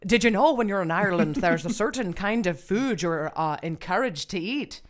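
A woman's voice: medium pitch, animated, moderate pace. A woman co-hosting a comedy podcast, riffing absurdly on made-up sports news. She rambles and breaks into laughter mid-sentence. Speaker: podcast co-host.

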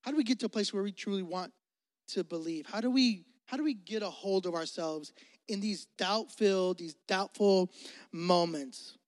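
A male pastor preaching a sermon in an energetic, slangy, joking way. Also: high-pitched, moderate pace. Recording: long hall reverb.

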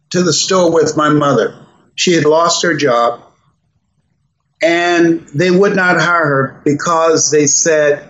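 A man's voice: a little high, roomy sound. An older man being interviewed as a guest speaker, telling a personal story with dramatic shifts of voice. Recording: dull lo-fi sound with faint noise.

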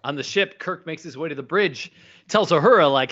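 A man co-hosting a podcast, recapping an episode in casual chat, rambling and dropping into quick impressions. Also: a little high, expressive, fairly bright tone. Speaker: podcast co-host. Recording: dull lo-fi audio.

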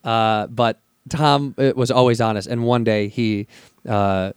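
A man's voice: medium pitch, a little slow, clear, resonant tone, dry recording, clean studio sound. A man telling casual stories from a film set, swearing freely and acting out what people said. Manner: profane, animated, acts out voices. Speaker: actor guest. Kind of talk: casual storytelling chat.

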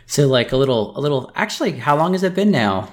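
A man co-hosting a podcast in casual chat, speaking in a measured, thoughtful way. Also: mid-range voice, very animated. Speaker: podcast co-host.

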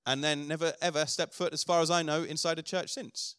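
Male pastor, middle-aged, earnest sermon delivery, slightly high voice, dry close sound. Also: fairly even intonation, fast, hardly any pauses, a bit bright, clean tone, no room sound. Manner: earnest preaching, builds to emphatic declarations.

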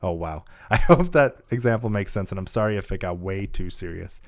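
Man, low voice, very animated pitch, podcast co-host, giggly, reads listener letters. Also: fairly quick. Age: adult father of a young child. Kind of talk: casual gaming podcast chat.

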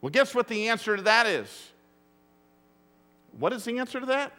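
A man's voice: very high-pitched, big pitch swings, normal speed, pushed and bright. A man preaching a sermon to his congregation. He tells stories and keeps asking the room rhetorical questions. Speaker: pastor. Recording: long hall reverb.

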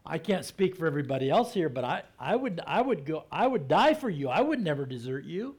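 A preacher voicing an earnest, impulsive disciple. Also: male voice, a little high, sing-song, fairly quick, darkish tone, slightly rough. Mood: earnest protest. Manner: earnest, protesting.

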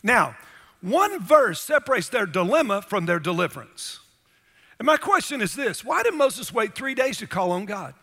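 A man preaching with an emphatic delivery, throwing rhetorical questions at his listeners. His voice sits high and sounds bright, and a long reverb trails behind it. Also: sing-song, moderate pace, gravelly. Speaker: pastor. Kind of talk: sermon.

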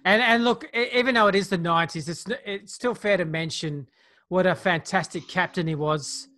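A man's voice: high-pitched, brisk, bright, forceful tone. A man hosting a podcast, enthusiastic and moving the segments along. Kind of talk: casual podcast chat.

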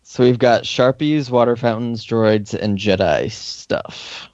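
A man's voice: mid-range voice, takes it slowly, a little mellow, no echo. A man co-hosting a casual podcast chat in a playful way, putting questions to the group. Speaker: podcast co-host. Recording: dull dry podcast audio.

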